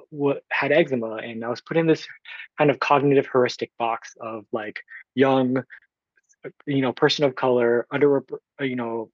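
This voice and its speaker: A man's voice: medium pitch, no room sound, highs cut off. A man in his twenties from Oakland, California, telling his own story as a podcast guest in an earnest way, acting out what people said to him and using plenty of fillers. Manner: earnest, retells with quoted dialogue, frequent fillers. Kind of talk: storytelling in conversation.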